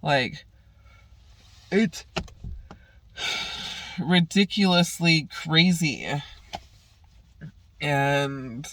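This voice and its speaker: A man's voice: fairly high pitch, extremely slow, long pauses, bright, forceful tone, a little hiss or hum. A young adult man venting in a heated, profane monologue, sighing often between his words. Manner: profane, heated ranting with sighs. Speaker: vlogger.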